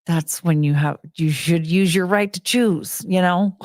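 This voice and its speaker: A woman chatting away casually with her audience, her voice set close and dry with no room sound. She drifts into soft, cooing baby talk for her dogs, laughs often and lets her sentences trail off. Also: lowish voice, measured pace, dry recording. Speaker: streamer hosting her own show. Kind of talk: casual chat with viewers.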